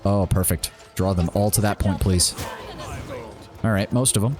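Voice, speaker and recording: A man's voice: deep voice, moderate pace, music in the background. A man streaming a game live, casually thinking aloud and reacting with surprise as he plays. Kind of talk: live gameplay commentary.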